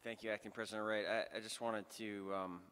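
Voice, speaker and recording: Male mayor, low, even, resonant, unhurried remarks. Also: clear, resonant tone. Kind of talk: council floor remarks.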